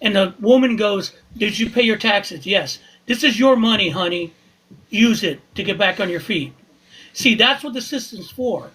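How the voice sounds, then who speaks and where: Panelist, man, high bright husky voice, animated and indignant. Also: normal speed, poor audio. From Southern California. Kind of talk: casual live podcast talk.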